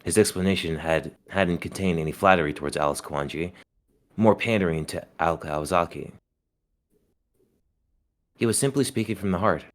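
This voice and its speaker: Man, very deep voice, visual novel narration, measured, steady. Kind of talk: reading a visual novel aloud.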